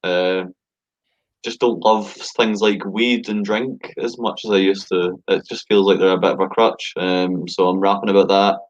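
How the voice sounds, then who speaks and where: A man in his late twenties talks as a guest in a low voice. He is loose after a couple of drinks and drags his words out. The sound is dull and lo-fi. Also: level tone. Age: 20s. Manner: loose and tipsy, drawls slowly. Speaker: rapper guest. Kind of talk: casual chat.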